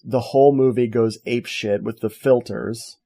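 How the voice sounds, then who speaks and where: Animated jokey man co-hosting a podcast. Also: mid-range voice, moderate pace. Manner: animated, jokey storyteller who acts out quotes. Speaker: podcast co-host. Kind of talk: casual movie review chat.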